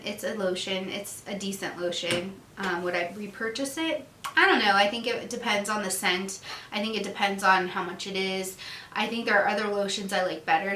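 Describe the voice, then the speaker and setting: Chatty woman vlogger, bright echoey voice. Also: medium pitch. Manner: chatty, giggly, acts out little dialogues. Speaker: beauty vlogger. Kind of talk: casual product review chat. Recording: echoey room.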